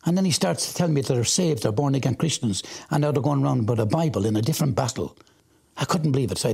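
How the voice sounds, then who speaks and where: An Irish man telling his life story in an interview, animated when he acts out what he said back then. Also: medium pitch, quick pace. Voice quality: gravelly and husky. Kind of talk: personal testimony.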